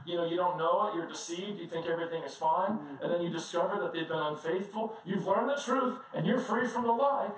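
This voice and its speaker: Recorded from a distant mic in a big, strongly echoing church with faint background noise, a fairly high-voiced male pastor delivers a sermon. He tells personal anecdotes in a loose, animated, conversational way, frequently chuckling as he goes.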